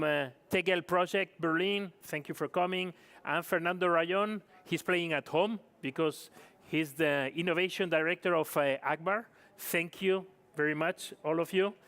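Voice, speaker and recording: A man's voice: fairly high pitch, a bit bright. A man hosting a startup competition on a conference stage, chatty and apologetic, with slightly non-native phrasing. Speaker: event host. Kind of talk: live event hosting.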